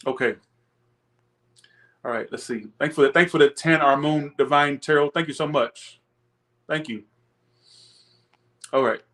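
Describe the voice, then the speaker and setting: Slightly high and fairly bright, this young man's voice moves at a measured pace with frequent pauses. He's a tarot reader doing a live-stream reading, laughing often, chatting with viewers, and breaking into profane rants.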